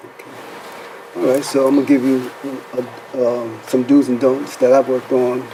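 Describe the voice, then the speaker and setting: A man's voice: medium pitch, little pitch movement, normal speed, warm tone, a little hiss or hum, poor audio. A man hosting a faith-based counseling talk show, asking rhetorical questions and checking in with "right?" as he speaks. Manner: preacherly, rhetorical questions, says "right?" often.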